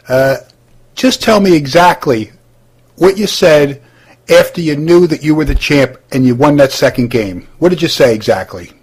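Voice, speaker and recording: Guy hosting a class reunion roast, husky voice, kinda high, lots of uhs. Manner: hesitant, many uh fillers. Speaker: interviewer and roast host. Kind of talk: scripted roast interview.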